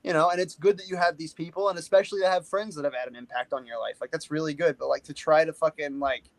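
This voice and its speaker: A man's voice: fairly high pitch, fairly even intonation, fast, no room sound, low-quality recording. A man in a casual podcast chat, talking bluntly with lots of swearing and filler words.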